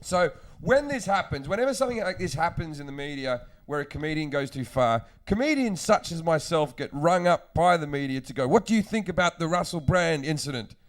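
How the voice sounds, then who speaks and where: A man's voice: fairly high pitch, expressive, a little fast, few pauses. A man, a comedian hosting a podcast, telling crude, rambling anecdotes in casual chat and acting out the quotes.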